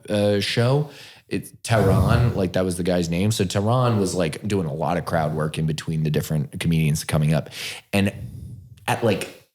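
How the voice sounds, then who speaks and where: Low-voiced man rambling in a roomy room. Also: a little mellow. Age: 30s. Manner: rambling, profane, laughs often. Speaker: podcast co-host. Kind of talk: casual storytelling chat.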